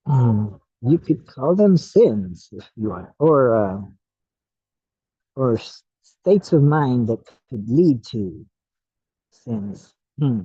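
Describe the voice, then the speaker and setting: A man giving a slow, musing talk on his own Buddhist study, with many fillers and pauses. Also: medium pitch, big pitch swings, warm tone, breathy edge, no room sound. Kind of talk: casual self-study talk. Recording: muffled lo-fi recording.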